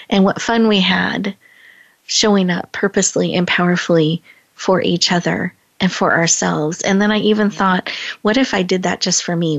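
A woman hosting a podcast, telling a personal story in a chatty way, laughing often and slowing down for emphasis. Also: lowish voice, gravelly, lo-fi sound. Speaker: podcast host.

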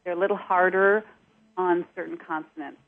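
A woman with a Cockney accent, an accent coach talking as a radio guest, animated and repeating herself. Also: fairly low pitch, brisk. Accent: English, Cockney. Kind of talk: radio interview. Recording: tinny phone-like line.

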